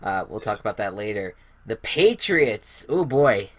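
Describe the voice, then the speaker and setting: A man's voice: lowish voice, sing-song, measured pace, no echo. A man hosting a casual sports podcast, rambling through game recaps with many fillers and restarts. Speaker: podcast host.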